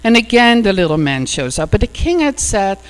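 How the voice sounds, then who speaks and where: A woman's voice: mid-range voice, very animated, normal speed, clear, resonant tone. A woman minister giving a sermon and retelling a fairy tale in a conversational storytelling way, full of "you know" asides. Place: church hall. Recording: echoey hall with mains hum.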